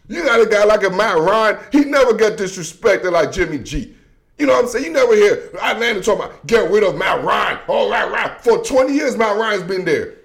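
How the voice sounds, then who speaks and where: Delivering football talk in a loose, jokey style full of slang, this host lurches between loud outbursts and quiet mutters. He speaks briskly in a high, creaky voice.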